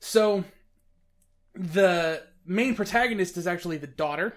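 A man hosting a casual chat about films, talking in an animated, rambling way with frequent restarts. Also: sits high, unhurried. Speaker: podcast host reviewing films.

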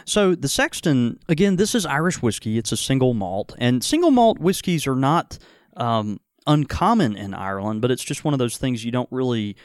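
Halting man hosting a whiskey tasting. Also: medium pitch, big pitch swings, smooth, dry recording, studio quality. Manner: halting, many restarts and fillers. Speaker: whiskey show host. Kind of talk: casual tasting chat. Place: Mississippi.

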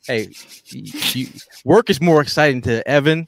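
A man's voice: mid-range voice, moderate pace, dry recording, studio quality. A man hosting a casual sports talk show, joking around and often stammering and restarting. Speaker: podcast host.

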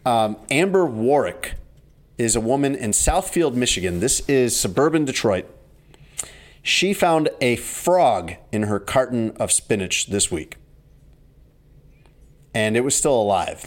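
A man co-hosting a podcast, telling stories in a wry, exasperated casual chat. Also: mid-range voice. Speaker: podcast co-host.

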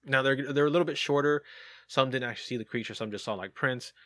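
A man's voice: medium pitch, fast, bright, forceful tone, dry recording, studio quality. Joking man reading spooky reports. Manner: jokey, reads reports aloud with asides. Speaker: podcast host reading sightings. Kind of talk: casual podcast chat.

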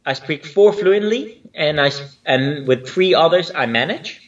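Man, mixed spanish-dutch accent, guest on a video call, fillers and pauses, distant muffled lo-fi sound. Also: a little high, lively intonation. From Spain. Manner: searching for words with many fillers. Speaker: guest choreographer. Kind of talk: casual interview chat.

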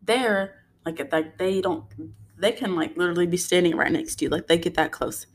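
A young adult woman, a mother, telling a story in a casual, animated way and acting out what people said. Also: lowish voice, moderate pace, slight background noise. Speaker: vlogger, mother.

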